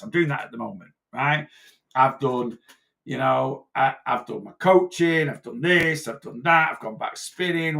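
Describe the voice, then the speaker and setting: A man's voice: a little high, fairly bright tone. A man, a personal trainer talking in a casual, rambling monologue that often repeats and restarts. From north-west England. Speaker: personal trainer and weight-loss coach.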